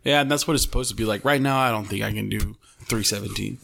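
A man's voice: lowish voice, fast talker, creaky, fairly bright tone, a little hiss or hum. A young man co-hosting a podcast, telling loose gym stories in casual chat, full of swearing and "bro" and "dude.". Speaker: podcast co-host.

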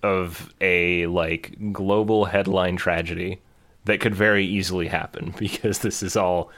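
A man's voice: sits low, steady tone, measured pace, fairly bright tone. A man in casual chat, telling a travel story with lots of fillers and restarts.

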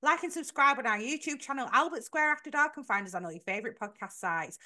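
A woman's voice: sits high, lively intonation, fast talker, sharp tone. A woman co-hosting a podcast, chatting casually and giving firm opinions. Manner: opinionated, emphatic. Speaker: podcast co-host. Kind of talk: casual chat.

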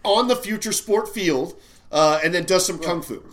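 A man's voice: high-pitched, normal speed, fairly bright tone, slight background noise. A man co-hosting a podcast, chatting casually about a movie in a rambling, joking way with many restarts. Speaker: podcast co-host. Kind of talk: casual movie-review chat.

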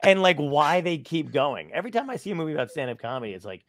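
Gravelly man telling road stories. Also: a little high, fast talker, slight background noise. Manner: profane, animated, acts out quoted dialogue. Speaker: stand-up comedian guest. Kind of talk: casual storytelling chat.

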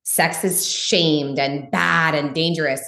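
A woman's voice: fairly even intonation, slow, vocal fry, bright, forceful tone, reverberant. A woman guest on a podcast, talking bluntly and emphatically, swearing freely and saying "like" a lot. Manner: frank and blunt, swears freely, uses lots of "like"; emphatic, voice jumps high for stress. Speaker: guest, spiritual teacher. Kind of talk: candid podcast conversation.

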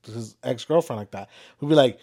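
A man's voice: mid-range voice, a little fast, darkish tone. A man co-hosting a podcast with his partner, laughing often and talking in loose slang. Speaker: podcast co-host. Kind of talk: casual couple chat.

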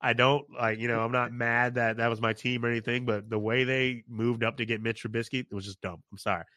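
A man's voice: medium pitch, little pitch movement, a little fast, bright, forceful tone, dry recording, studio quality. A man co-hosting a casual sports podcast, blunt and opinionated in his takes. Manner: blunt, opinionated, laughs often. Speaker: podcast co-host.

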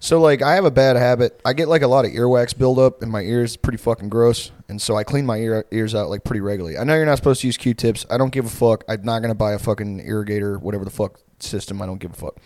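A young man in his twenties rambles through a crude story on a podcast, swearing freely and leaning on "like" and "uh". His voice sits at a middling pitch. The sound is dry and close, with no room in it. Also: fast talker, hardly any pauses, a little mellow, no echo. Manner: rambling, profane storytelling with frequent fillers. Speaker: podcast co-host. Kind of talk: casual chat.

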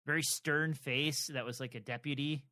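A man co-hosting a podcast, talking casually and haltingly with many fillers and restarts. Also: medium pitch, steady tone, sharp tone. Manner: rambling, hesitant, lots of fillers and restarts. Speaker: podcast co-host. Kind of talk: casual chat about a TV adaptation.

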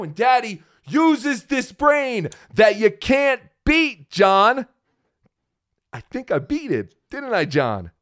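A man guest hosting a live stream, joking loudly and calling himself Daddy while thanking viewers, speaking over a phone. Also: very high-pitched, very animated, takes it slowly. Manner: boastful, calls himself Daddy, jokey and loud. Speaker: guest host. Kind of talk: casual live-stream banter.

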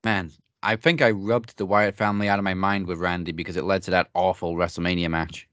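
A man answering wrestling trivia in a casual podcast chat, laid-back and quick to laugh. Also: sits low, level tone, fairly bright tone, no echo. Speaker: trivia contestant.

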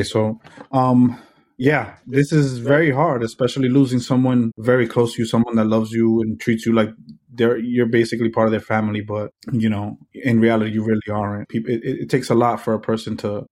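A man co-hosting a podcast, speaking in a measured, plain way. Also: on the low side, flat delivery, a little mellow. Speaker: podcast co-host. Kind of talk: casual podcast talk.

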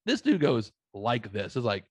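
A man spins loose, profanity-laced stories in an easygoing chat, jumping from one aside to the next with plenty of swearing. His voice is mid-pitched and sits dry and close, with no room sound around it. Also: moderate pace, no echo. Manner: profane, rambling, animated anecdotes. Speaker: podcast guest. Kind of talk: casual storytelling.

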